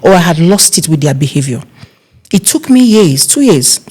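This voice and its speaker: A middle-aged Nigerian woman, an event planner being interviewed, telling stories in a casual, animated way and acting out other people's voices. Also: moderate pace, slightly rough. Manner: animated, acts out quoted voices with big pitch jumps.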